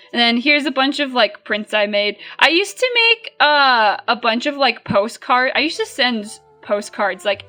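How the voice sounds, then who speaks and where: A young woman in her twenties talks casually to her viewers, rambling and full of fillers. Her voice sits a little high and sounds very bright and clear. Soft music plays faintly behind her. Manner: chatty, rambling, lots of fillers. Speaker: vlogger. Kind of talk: casual chat.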